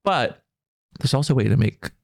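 A man's voice: medium pitch, expressive, normal speed, creaky. A man co-hosting a podcast in casual chat, with a playful, upbeat, jokey way of talking. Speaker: podcast co-host.

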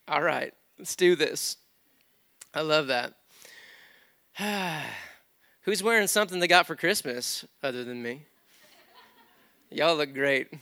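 A man's voice: on the high side, sharp tone, clear, resonant tone, no room sound. A man in his thirties preaching in a church, telling stories casually with frequent restarts. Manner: conversational storytelling with many restarts. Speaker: pastor. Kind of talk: sermon.

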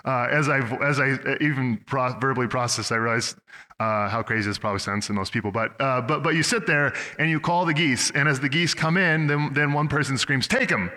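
A man's voice: mid-range voice, brisk, bright, forceful tone. A young man from Oregon, a pastor preaching a sermon, telling stories in a conversational way with frequent restarts. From Oregon, USA. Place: church sanctuary. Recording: long hall reverb.

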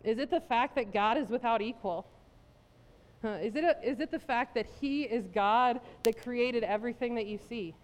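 High-pitched woman pastor, animated storyteller, long church reverb. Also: moderate pace. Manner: animated storytelling, laughing at herself. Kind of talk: sermon with personal story. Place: church sanctuary.

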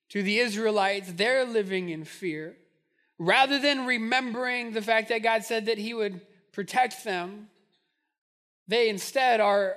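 A man's voice: very high-pitched, bright, forceful tone. A man preaching a sermon, retelling a story with emphatic, direct address to listeners. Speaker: pastor.

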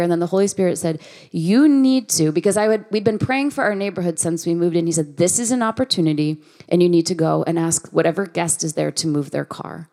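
A woman in her thirties gives a sermon in a relaxed, conversational way. Her voice sits fairly low for a woman, and she slips into the voices of the people she quotes. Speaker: guest preacher. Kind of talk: sermon with personal storytelling.

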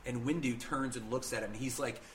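A man hosting a podcast, telling a story in a casual, animated way and acting out the characters' lines. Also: medium pitch, a little fast, slight background noise. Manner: animated storytelling, acts out quotes. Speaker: podcast host.

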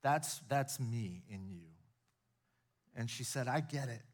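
A middle-aged man from the United States preaching a sermon, building to emphatic peaks and then dropping to soft, confiding storytelling. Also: mid-range voice, animated, slow. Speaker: pastor. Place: church auditorium with a live audience.

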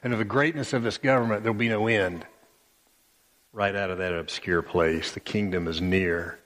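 Low, unhurried male pastor, dramatic sermon delivery, long sanctuary reverb. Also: steady tone, fairly bright tone. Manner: emphatic, dramatic storytelling.

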